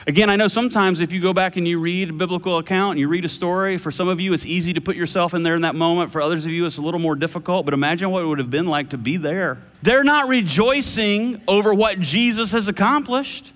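A man preaches a sermon in a conversational way, putting questions to his listeners and slowing down to stress key words. His voice sits fairly high for a man. The recording has the long reverb of a big hall. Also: steady tone. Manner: conversational, asks listeners questions, slows for emphasis. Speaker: pastor and podcast host.

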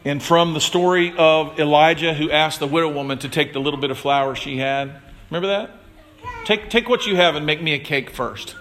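A man preaching a sermon in a conversational way, calling on listeners by name and acting out the voices in the stories. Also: fairly bright tone. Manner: conversational, addresses congregation members by name; acts out quoted voices with big pitch swings. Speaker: pastor.

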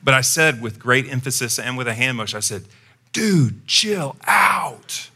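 A man's voice: medium pitch, quick pace. A man preaching a sermon as pastor, telling a personal story in a conversational way and acting out his own lines. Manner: conversational storytelling, animated when quoting himself.

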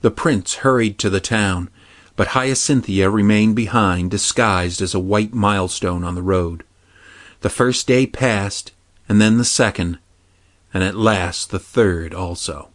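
A man narrating a fairy tale in a measured, even storytelling manner. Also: fairly low pitch, dry recording. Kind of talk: storybook reading.

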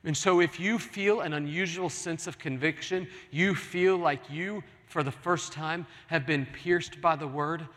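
A man's voice: on the high side, a little slow, few pauses, fairly bright tone. A man preaching a sermon as pastor, earnest and pleading with his congregation in a large church. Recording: long hall reverb.

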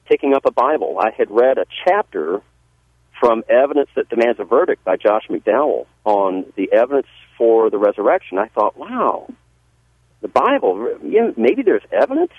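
Speaking at a moderate pace in a lowish voice, a Southern pastor from Georgia shares his life story on the radio, earnest and folksy, frequently starting sentences over. The phone-like line is dry, with no echo.

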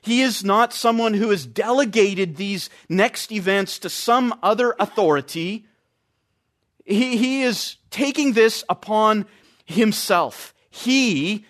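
Man, preacher, high-pitched, emphatic, repeats phrases for stress. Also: fairly bright tone. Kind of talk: expository sermon.

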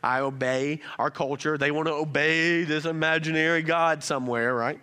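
A man's voice: a little high, fairly even intonation, normal speed, bright, forceful tone, clean tone. A man preaching a sermon in a loose, joking, conversational way, often checking in with his listeners. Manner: joking, conversational, keeps asking "right?". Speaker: pastor. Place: church in Rome, Georgia.

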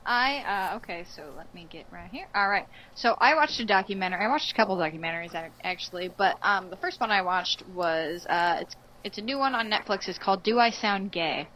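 A woman's voice: mid-range voice, brisk, bright, forceful tone, slight background noise, rough recording. A woman co-hosting a casual film-review chat, rambling with many restarts and fillers. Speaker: podcast co-host.

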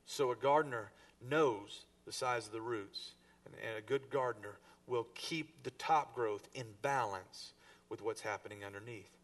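A man's voice: mid-range voice, moderate pace. Man preaching a sermon, from a distance. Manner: preaching to a congregation, with emphatic rises and soft drops. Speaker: pastor.

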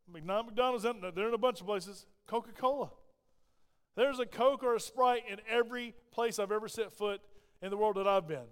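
High-voiced pastor preaching in reverberant hall. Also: male voice, moderate pace, clean tone. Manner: emphatic, rising and falling preaching delivery. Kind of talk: sermon. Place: church sanctuary.

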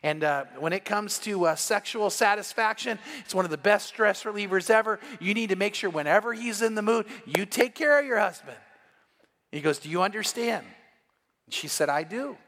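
A man's voice: high-pitched, animated, a little fast, fairly bright tone, in a large hall. A man preaching an evening sermon, retelling a story and acting out the lines of each person in it. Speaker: pastor.

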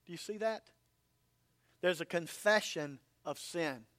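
A man's voice: high-pitched, unhurried, a bit bright. A man preaching a sermon as pastor, earnest and emphatic.

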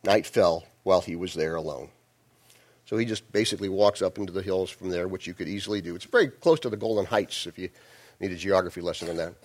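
A man's voice: sits low, quick pace. A male pastor giving a sermon, telling the story in a folksy, joking way with many restarts.

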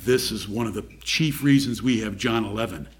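A man's voice: on the low side, moderate pace, breathy edge. A man preaching a sermon, reading scripture aloud and asking his listeners direct questions.

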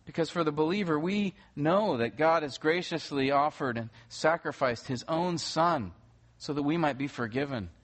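A man's voice: on the high side, moderate pace. A man preaching a sermon as pastor, explaining scripture step by step and rising to urgent emphasis at key points. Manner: earnest, rises to urgent emphasis.

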